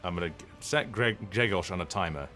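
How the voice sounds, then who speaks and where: A voice actor chatting casually on a live stream, rambling and hesitant with lots of ums and restarts. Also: male voice, low-pitched, brisk, pushed and bright, faint music behind.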